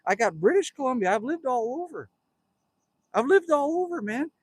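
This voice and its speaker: A man's voice: extremely high pitch, very animated, moderate pace, husky, no echo. A Canadian man in his fifties, chatting casually on a livestream from his cabin, reading out viewer comments and joking with them in a rambling way. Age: 50s. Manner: rambling, jokey, talks straight to viewers. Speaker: livestream host. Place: outdoors at a cabin.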